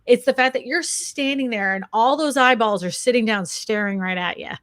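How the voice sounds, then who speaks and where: A woman's voice: a little high, moderate pace, fairly bright tone, no room sound, clean studio sound. A woman co-hosting a casual chat, talking in a chatty, self-deprecating way and laughing often. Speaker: co-host, real estate agent and YouTuber.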